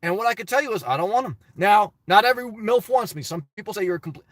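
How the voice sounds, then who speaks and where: A man's voice: sits high, expressive, fast, a bit bright, no echo. A man casually reading viewer comments and answering them bluntly, rambling with restarts. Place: lives in his car.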